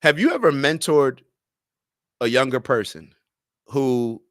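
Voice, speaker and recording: A man's voice: mid-range voice, big pitch swings, slow pace, no room sound, studio quality. A young man hosting a casual livestream, reading viewer comments aloud and arguing his points with sports comparisons. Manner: argumentative, uses sports comparisons. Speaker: livestream host.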